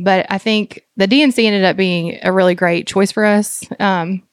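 A woman guest on a podcast interview, speaking earnestly and haltingly with many fillers as she describes her experience as a doula and mother. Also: medium pitch, no echo, clean studio sound. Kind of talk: conversational interview.

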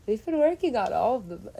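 Slow, rambling woman who laughs a lot. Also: a little high, very animated, creaky, warm tone, husky. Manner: meandering, laughs often, swears casually. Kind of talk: rambling casual monologue.

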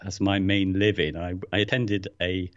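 A deep-voiced man talks through a casual podcast as co-host. He often stumbles and repeats words before getting going. The recording sounds a little dull and lo-fi. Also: level tone, normal speed, a bit bright. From England. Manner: hesitant, repeats words when starting.

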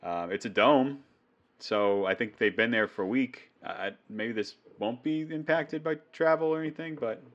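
In this casual sports chat, a fantasy football co-host jokes around, rambles, and riffs readily. He speaks at a medium pitch, and the audio sounds dull.

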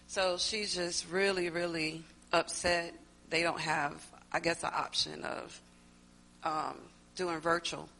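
A woman from a church group speaks very slowly in a fairly low but bright voice. She shares her story thoughtfully and pauses now and then. Her delivery is casual and unscripted. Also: level tone, vocal fry, slight background noise, rough recording. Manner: slow, thoughtful, hesitant with fillers. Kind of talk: casual spoken testimony.

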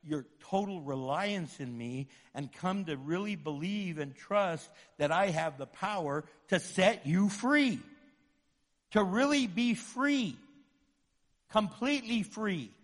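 A man voicing God in a sermon, speaking gently and pleading, repeating his words. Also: sits high, takes it slowly, in a large hall. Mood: tender. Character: patient loving God speaking, male.

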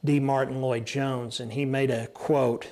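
A man's voice: medium pitch, level tone, measured pace, darkish tone. A man with a Texan accent preaching a sermon, emphatic, repeating phrases and restarting lines as he teaches from scripture. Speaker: pastor.

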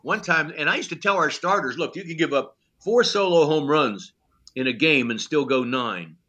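A man's voice: a little high, normal speed. An older man and former coach, telling blunt, salty stories in an interview and acting out each exchange with many "you know" fillers. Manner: animated storyteller who acts out dialogue, with many "you know" fillers. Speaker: former pitching coach, guest. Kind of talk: storytelling in a podcast interview.

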